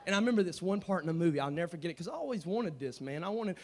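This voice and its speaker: High-voiced, animated young preacher man. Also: very fast. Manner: animated, swings from hushed to shouting; slangy, casual talk. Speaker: youth preacher. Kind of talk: storytelling sermon.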